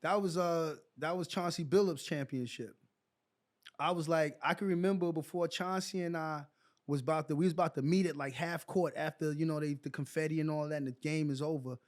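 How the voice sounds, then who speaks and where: A man in his forties from New York, a guest on a podcast, telling animated stories full of "like" and "so". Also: on the high side, brisk. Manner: lively anecdotes packed with "like" and "so". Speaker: guest, former pro basketball player. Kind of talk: animated storytelling in a podcast chat.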